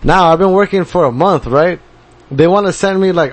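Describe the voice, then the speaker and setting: A man's voice: high voice, normal speed. A man, a podcast co-host, chatting casually and swearing a lot as he vents about his new job. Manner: profane, venting, storytelling. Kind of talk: casual chat.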